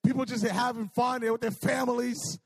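A man preaching a sermon, telling stories in an animated, repetitive way, then leading a prayer. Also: very high-pitched, fairly quick, husky, dry recording. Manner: animated, repetitive storytelling with laughs. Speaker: pastor.

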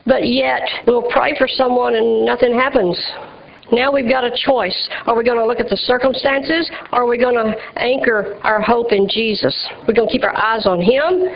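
This sermon comes from a woman whose slightly high voice has a creaky edge. She preaches with rhythm and emphasis as the congregation responds, and the church recording sounds dull and lo-fi.

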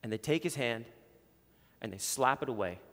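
A man's voice: medium pitch, lively intonation, moderate pace, a bit bright, long reverb tail. A man preaching a sermon as pastor, emphatic and repeating words for stress.

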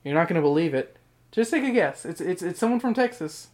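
A man's voice: sits high, animated, fast, darkish tone. A man hosting a podcast in casual chat, rambling and swearing often, with frequent laughs. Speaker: podcast host.

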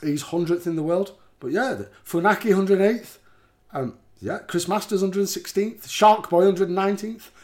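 A man's voice: high voice, normal speed, darkish tone. A man hosting a casual podcast, recapping wrestling shows and laughing often as he talks. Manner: laughs often, reads out rankings. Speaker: podcast host.

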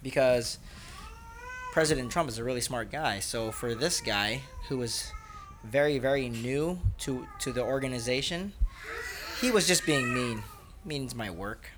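A man's voice: mid-range voice, unhurried, background noise. A man, a father, patiently asking his young children questions in a casual family chat at home.

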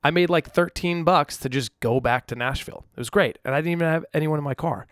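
A man's voice: fairly high pitch, fast talker, a bit bright, clean tone, dry recording, studio quality. A young man hosting his own podcast alone in his room, chatting casually into a microphone in a rambling, self-deprecating way. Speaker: podcast host. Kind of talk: casual solo podcast chat. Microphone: studio microphone.

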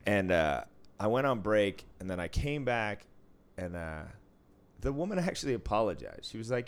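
A man's voice: fairly low pitch, big pitch swings, normal speed, smooth. Blunt, profane man telling a story. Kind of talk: casual chat.

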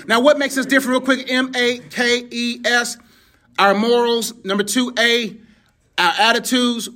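A man's voice: sits high, fairly bright tone. A man preaching a casual sermon with numbered points, talking in a colloquial way and often breaking off to joke. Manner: joking, colloquial, self-interrupting. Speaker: preacher and mentor.

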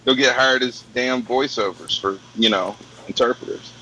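Man, bright and forceful tone, deadpan jokester in casual chat. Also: medium pitch, normal speed, slight background noise, poor audio. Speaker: co-host of casual drinking chat. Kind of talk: casual crude banter.

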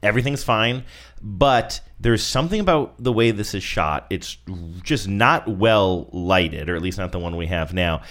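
A man's voice: fairly low pitch, animated, normal speed, fairly bright tone. A man co-hosting a casual chat, joking and describing commercials. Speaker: podcast co-host. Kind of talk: casual chat reviewing ads.

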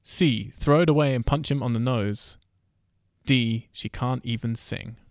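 A man's voice: medium pitch, measured pace, no echo, studio quality. A man hosting a casual podcast and running a trivia quiz, teasing his guests and swearing casually. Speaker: podcast host. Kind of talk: casual podcast chat, quizmaster.

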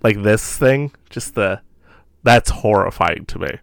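A man's voice: fairly low pitch, expressive, slow pace, gravelly, clear, resonant tone, no echo, clean studio sound. A man co-hosting a podcast, recapping a horror film in casual chat, laughing often and acting out quoted lines. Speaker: podcast co-host.

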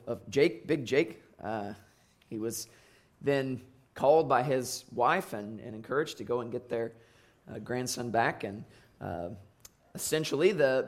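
A man's voice: mid-range voice, unhurried. A man preaching a sermon as pastor, reading scripture and then speaking conversationally, with frequent fillers and restarts.

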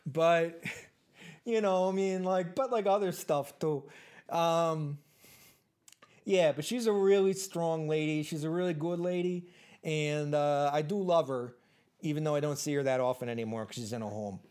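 A performer playing a rambling baby-boomer man in his seventies at an awkward interview, talking haltingly with lots of fillers. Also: darkish tone, clean tone, natural voice. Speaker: interview guest. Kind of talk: improvised comedy interview.

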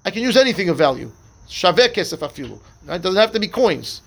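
A male rabbi leads a Talmud class in a high, gravelly voice. He walks through the text step by step, asking himself questions and answering them, with Hebrew and Aramaic terms woven into his English. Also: very animated, fast.

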